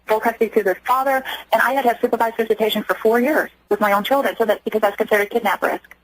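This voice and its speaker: A woman's voice: on the high side, fairly even intonation, very fast, no echo, low-quality recording. A woman from Germany, a guest on a radio interview, telling her story earnestly and acting out what others said. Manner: earnest, acts out quoted speech.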